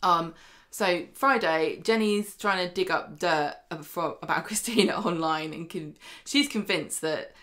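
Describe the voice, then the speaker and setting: A woman's voice: lowish voice, a little slow, few pauses, fairly bright tone. A woman with a British accent, co-hosting a podcast in casual chat, retelling episodes and acting out lines with animation. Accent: British English. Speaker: podcast co-host. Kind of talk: casual chat recapping a soap.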